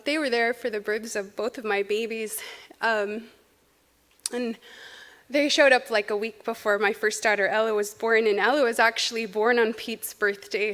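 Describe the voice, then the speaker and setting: A woman's voice: on the high side, a bit bright. A woman in her thirties speaking at a memorial, telling personal anecdotes in a chatty way, laughing between stories. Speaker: eulogy speaker.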